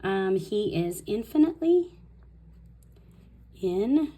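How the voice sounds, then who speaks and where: A woman hosting a casual craft tutorial, thinking aloud as she writes and softly repeating words to herself. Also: mid-range voice, animated. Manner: fast talker. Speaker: host.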